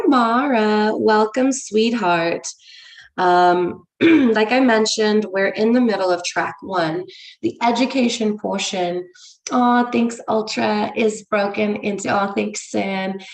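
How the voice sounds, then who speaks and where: Frank English woman, echoey livestream room. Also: mid-range voice. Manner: frank and warm-hearted, swears for emphasis, greets viewers by name. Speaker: ministry leader. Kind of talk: casual livestream talk to viewers.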